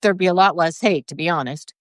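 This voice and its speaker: A woman's voice: lowish voice, fast, dry recording, studio quality. A woman guest on a live stream, chatting casually with a wry manner and easy laughs. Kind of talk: casual chat.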